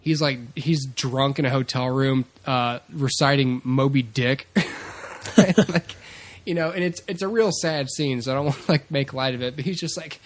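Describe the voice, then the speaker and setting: A man's voice: a little high, moderate pace, no room sound. A man co-hosting a podcast in casual chat, rambling and laughing often as he acts out quotes. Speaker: podcast co-host.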